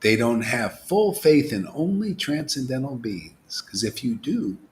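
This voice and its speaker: A man giving an informal, animated devotional talk as a spiritual teacher, dropping to whispers and rising to exclamations. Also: medium pitch, a little slow, slight background noise. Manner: animated preaching, swings from whispers to loud exclamations.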